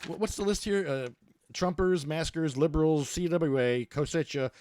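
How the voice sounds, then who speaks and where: A man's voice: fairly high pitch, moderate pace, a little mellow, dry recording, studio quality. A man hosting a casual podcast, ranting bluntly and rambling with many restarts. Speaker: podcast host. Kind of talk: casual ranting talk show monologue.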